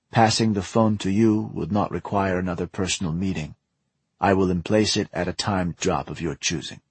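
A man doing a stern female Russian intelligence officer, menacing, very deep voice, husky. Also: no echo.

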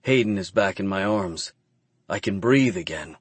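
A man narrating a first-person romance audiobook chapter in a measured, subdued reading. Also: low-pitched, expressive, husky, no room sound.

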